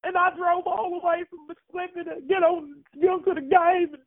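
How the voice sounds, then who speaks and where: Lady doing a whiny dude bawling down a tinny phone line, high voice. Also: normal speed. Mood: sobbing. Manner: whiny, sobbing, stammering. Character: distraught Southern man from Mississippi, sobbing superfan.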